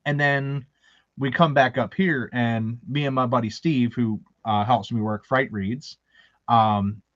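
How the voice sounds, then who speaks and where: A man's voice: mid-range voice, steady tone, a little slow, no echo, highs cut off. A man from Baltimore, with a faint Baltimore accent, hosting a casual chat. He tells rambling, anecdotal stories and laughs often. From Baltimore, USA. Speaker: host.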